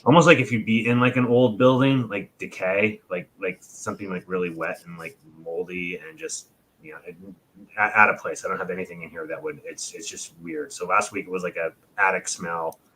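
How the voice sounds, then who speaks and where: A man's voice: deep voice, fairly even intonation, a little fast, fairly bright tone, breathy edge. A man co-hosting a casual astrology chat, rambling and restarting his sentences often. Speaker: co-host. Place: alone in his own room.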